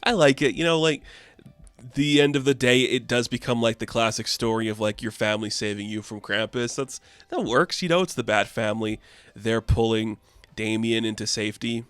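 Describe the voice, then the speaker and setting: A man's voice: medium pitch, fairly even intonation, normal speed, a bit bright, clean tone, dry recording, soft background music. A man recapping a comic book in a casual, offhand and chatty way, full of fillers.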